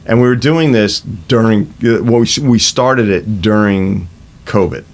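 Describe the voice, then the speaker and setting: Low-voiced rock musician in his fifties. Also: unhurried. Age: 50s. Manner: swears freely, acts out quoted exchanges. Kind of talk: casual storytelling interview.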